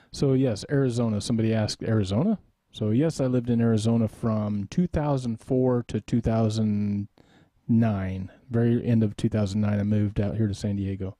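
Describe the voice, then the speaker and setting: A man's voice: fairly low pitch, fairly even intonation, moderate pace, warm tone, no echo. A man hosting a live webcast, telling a rambling, self-deprecating story in a casual way and laughing often along the way. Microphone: desk microphone in a studio.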